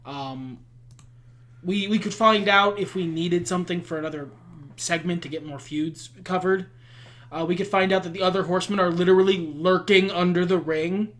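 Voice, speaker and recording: High-voiced man pitching ideas. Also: moderate pace, a bit bright. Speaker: co-host. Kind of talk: casual chat while playing a booking game.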